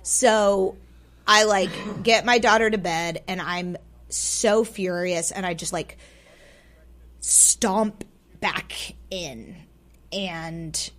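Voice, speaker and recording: A woman telling a personal story as a radio guest, swinging between loud and hushed, often repeating words for emphasis. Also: lowish voice, very slow, pauses often. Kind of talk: personal story told aloud. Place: radio studio.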